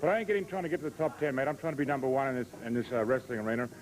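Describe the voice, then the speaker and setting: A man's voice: mid-range voice, expressive, very fast, darkish tone, low-quality recording. An Australian man being interviewed as a wrestler, laid-back and calling everyone mate.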